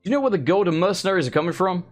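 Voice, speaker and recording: A man's voice: sits high, rapid-fire, soft background music. A man from England hosting a let's play, giving casual, rambling commentary full of swearing and side rants. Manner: rambling, swearing, animated asides.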